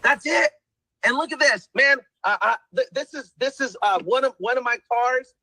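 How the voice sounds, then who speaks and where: A man's voice: very high voice, normal speed, pushed and bright, no room sound, poor audio. A man giving an emphatic motivational pep talk, repeating himself and calling the viewers guys. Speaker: testimonial speaker.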